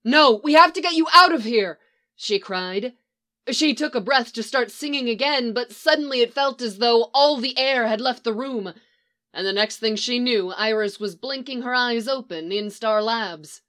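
A woman narrating a story aloud in a steady, measured reading. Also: fairly high pitch.

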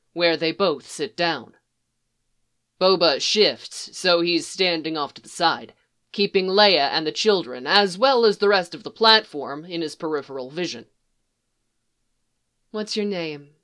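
Reader: woman, unhurried soft narration, low register. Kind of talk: reading fan fiction aloud.

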